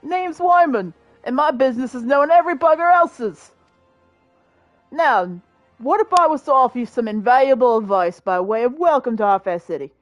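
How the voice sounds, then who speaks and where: A woman's voice: high-pitched, expressive, moderate pace, dry recording, muffled recording, soft background music, pitched above the performer's own voice. Woman doing a cocky young street tout. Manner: cocky, chummy street patter. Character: brash young male city tout, shifting accent. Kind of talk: voicing game dialogue aloud.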